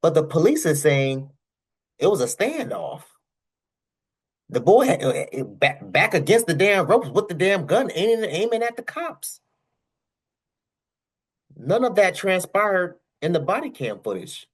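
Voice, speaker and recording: A young man with a high, breathy-edged voice hosts his channel, giving casual commentary on news clips in a very animated but slightly slow delivery with long pauses. He speaks directly to his viewers, repeats himself, and fires off rhetorical questions.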